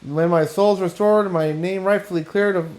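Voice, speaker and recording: A man's voice: high voice, steady tone, moderate pace, a little mellow, voice pushed up, lightly acted. A man voicing a pompous, theatrical male aesthetician in a game, with a put-on French accent. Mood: melodramatic. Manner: mock French accent, grand and dramatic reading.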